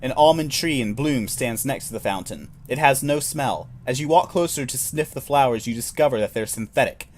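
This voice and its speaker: A man's voice: mid-range voice, moderate pace, few pauses, slight background noise. A man reading a solo tabletop role-playing game aloud, narrating in second person with wry, self-deprecating asides.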